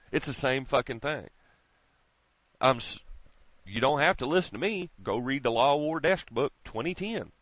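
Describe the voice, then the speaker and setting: A man's voice: mid-range voice, a bit bright, no room sound. A man delivering a heated, profane rant straight to his viewers, lecturing and swearing constantly. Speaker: vlogger. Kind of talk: profane ranting monologue.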